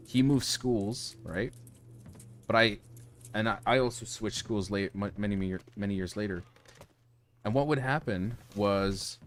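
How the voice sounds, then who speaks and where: A man streaming from home, telling a personal story to his chat in a casual, animated, profane way, full of restarts. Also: on the low side, slight background noise. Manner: animated, profane, lots of restarts and "you know".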